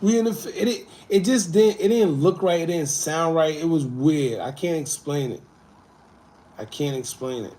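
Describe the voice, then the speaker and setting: A man's voice: fairly high pitch, moderate pace. Laid-back man chatting on a livestream. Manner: laid-back, animated, swings between loud and muttered asides. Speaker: livestream host. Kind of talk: casual livestream chat reading comments.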